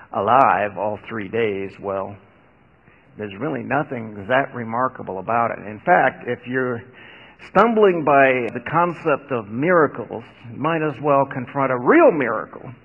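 A man's voice: mid-range voice, gravelly, breathy edge. A man preaching a sermon in a conversational way, with wry asides. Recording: dull, echoey hall recording.

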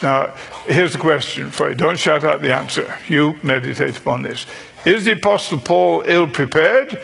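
Slow, gravelly-voiced man preaching a sermon. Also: on the high side, fairly bright tone. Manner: slow, deliberate teaching with dry humor; emphatic repetition of key phrases.

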